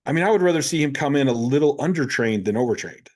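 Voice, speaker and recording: A man's voice: medium pitch, expressive, fast talker, darkish tone. A man in his fifties, a powerlifting coach and podcast guest, telling stories animatedly and acting out both sides of his conversations. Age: 50s.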